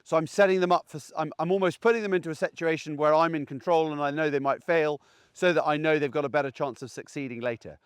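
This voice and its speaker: A man's voice: fairly high pitch, steady tone, quick pace, smooth, no echo. A man, a gundog trainer, giving plain-spoken, chatty training advice outdoors in a field. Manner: chatty, plain-spoken, keeps checking in with "okay?".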